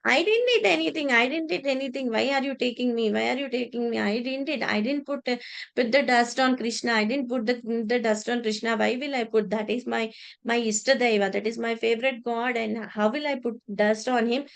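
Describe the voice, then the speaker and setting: A woman's voice: a little high, brisk, vocal fry. A woman voicing an innocent village woman who pleads tearfully that she has done nothing. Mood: pleading. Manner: pleading, repeating herself tearfully.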